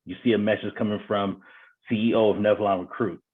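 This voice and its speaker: Fast-talking guy on a panel, low husky voice, tinny phone-line sound. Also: fairly even intonation. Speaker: panelist, company CEO. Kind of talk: casual panel discussion.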